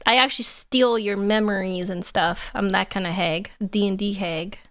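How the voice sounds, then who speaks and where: A woman's voice: medium pitch, steady tone, normal speed, a bit bright. A woman streamer chatting casually and giggling as she sets up a reaction video. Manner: giggly, self-teasing, chatty.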